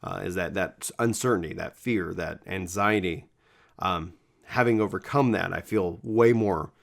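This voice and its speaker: A man's voice: low voice, unhurried, gravelly. A gaming video creator talking casually to his viewers, rambling and self-correcting with enthusiasm, his voice cracking now and then. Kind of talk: casual talk to camera.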